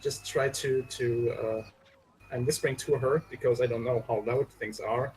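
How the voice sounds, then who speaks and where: A man's voice: medium pitch, steady tone, moderate pace, a little mellow, a little hiss or hum, low-quality recording. Hesitant man playing a tabletop game. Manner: hesitant, self-mocking. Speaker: tabletop player. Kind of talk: casual tabletop game chat.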